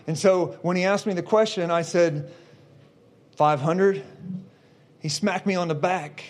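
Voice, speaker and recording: A middle-aged man preacher telling a personal testimony, animated, building to shouts. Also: sits high, measured pace. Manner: animated storyteller, shouting at the climax.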